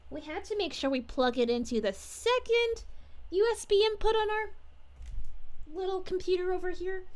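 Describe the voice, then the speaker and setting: Brief: sweet bubbly young princess, woman voicing, very high and sing-song, livestream chat in character. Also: a bit bright. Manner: gushing, sing-song greetings to viewers. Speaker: VTuber streamer.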